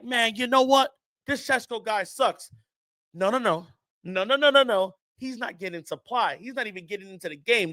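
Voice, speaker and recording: A man's voice: very high voice, pushed and bright, no echo, studio quality. A young American man ranting in frustration to his viewers, rambling and addressing them directly as a fan channel host. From United States.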